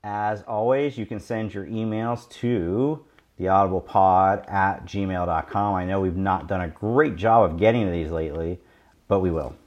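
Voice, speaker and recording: A man with a very deep voice reads listener mail on a podcast. His reading is measured and conversational. The sound is slightly muffled and dull, as if over a lower-quality line. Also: a little mellow. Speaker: podcast co-host.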